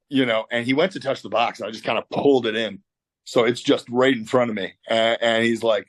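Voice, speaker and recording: A man's voice: lowish voice, brisk, no room sound. A middle-aged Canadian man telling a wild story in an interview over a video call. He swears often and acts out what people said. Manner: animated storyteller, swears a lot, acts out quotes. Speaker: tattoo artist guest.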